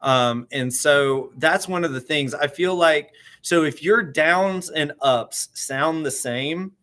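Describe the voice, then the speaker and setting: A man teaching guitar in a casual, halting way, often repeating words as he explains and counting beats aloud. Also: fairly high pitch, a bit bright.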